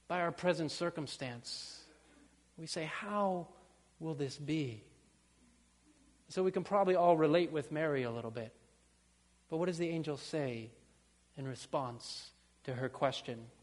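A man delivering a church sermon, his fairly high voice carrying through a long-reverb hall. He preaches earnestly, climbing into fervent, repeated pleas and then sinking to quiet, low phrases. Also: normal speed. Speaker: pastor.

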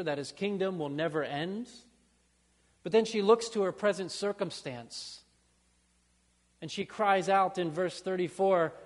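A man preaching a sermon as pastor, earnest, building to fervent pleas and dropping to soft, low phrases. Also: in a large hall.

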